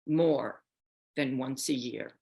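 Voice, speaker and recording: Older woman, storyteller, deep voice, unhurried measured reading. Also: gravelly, warm tone. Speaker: storyteller in a staged story program. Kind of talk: reading a personal story aloud.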